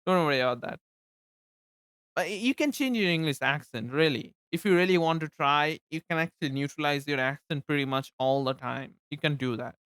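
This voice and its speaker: A man's voice: fairly high pitch, lively intonation, brisk, fairly bright tone, clean tone, no echo. A young man from eastern India, Bengali native, with an Indian accent, chatting casually on a livestream, rambling with laughs and repeated words. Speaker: streamer.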